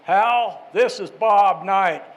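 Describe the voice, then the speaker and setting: Man doing a loud, pushy older coach impression, higher and forceful. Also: slow, dull audio, a little hiss or hum. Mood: insistent. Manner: emphatic, repeating his name insistently. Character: loud, commanding older male basketball coach.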